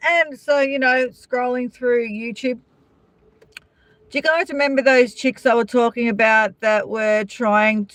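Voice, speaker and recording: A woman's voice: fairly high pitch, a bit bright, no echo. A woman with an Australian accent hosting a casual live-stream chat, gossiping and answering viewers' comments by name. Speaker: vlogger chatting with live viewers.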